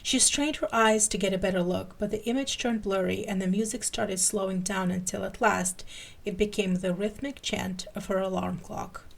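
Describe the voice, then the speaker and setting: A woman podcast host giving an expressive dramatic reading of fan fiction. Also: mid-range voice, moderate pace, gravelly.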